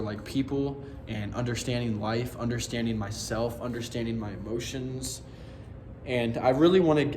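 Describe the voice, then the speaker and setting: A man's voice: mid-range voice, a little hiss or hum. A young man vlogging in a casual monologue, rambling and earnest, swearing often and full of fillers.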